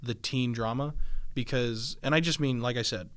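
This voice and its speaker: A man in his twenties co-hosts a podcast in casual chat, rambling a bit as he works out his sentences and laughing often. His medium-pitched voice is fairly bright with fairly even intonation at a moderate pace, and the recording is dry.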